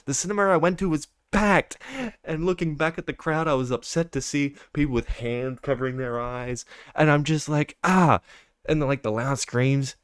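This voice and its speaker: A young man in a casual film review, talking with a smooth, resonant voice. He rants in exasperation and swears freely, mocking what he dislikes. The sound is close and dry, with no room echo. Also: on the high side. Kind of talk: casual monthly movie review.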